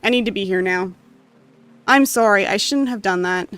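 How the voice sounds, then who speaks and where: A gamer reading a story game's text aloud with emotional, expressive delivery and occasional asides. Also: mid-range voice, moderate pace, smooth, no room sound, faint music behind. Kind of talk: dramatic reading of game text.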